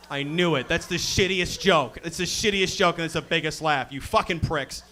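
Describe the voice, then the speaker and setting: A man's voice: fairly high pitch, moderate pace, hardly any pauses, bright, forceful tone, a faint crowd. A male stand-up comedian on a club stage, swearing and mock-insulting the audience between jokes.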